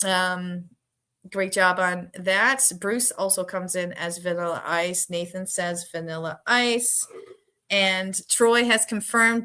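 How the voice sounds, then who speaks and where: On a relaxed live trivia stream, a woman with a bright, forward, medium-pitched voice chats with viewers in a casual way. She often laughs and reads each answer option slowly.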